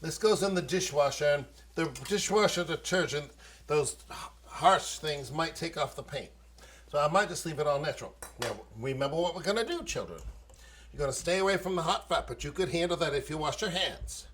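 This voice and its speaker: This male cooking-show host speaks with a Maine accent and a fairly high, slightly bright voice, animated and brisk. He fusses playfully at kids in his home kitchen while demonstrating recipes, now and then letting out old-fashioned exclamations.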